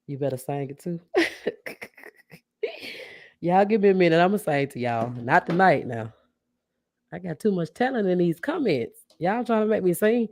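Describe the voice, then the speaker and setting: A woman podcast host chatting casually with livestream viewers, warmly thanking them and reacting to their comments. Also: on the low side, very animated, normal speed, pauses often, no room sound. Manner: chatty, keeps addressing viewers as y'all; warm and grateful, reacts to comments.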